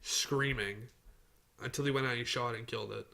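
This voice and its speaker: A man's voice: mid-range voice, steady tone, a little fast, vocal fry, over a noisy crowd. A young man hosting a casual podcast, telling rambling stories and teasing his friends. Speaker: podcast host. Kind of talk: casual chat.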